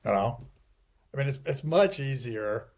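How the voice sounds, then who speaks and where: A man's voice: mid-range voice, lively intonation, unhurried, a little mellow. A middle-aged man being interviewed, talking casually with many restarts and wry chuckles at grim points. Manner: rambling, digressive, frequent restarts and "you know". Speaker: guest.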